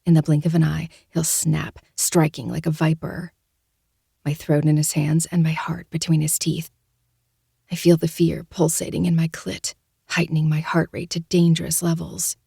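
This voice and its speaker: Low, husky woman narrating a romance audiobook. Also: level tone, normal speed, mellow, dry recording, studio quality.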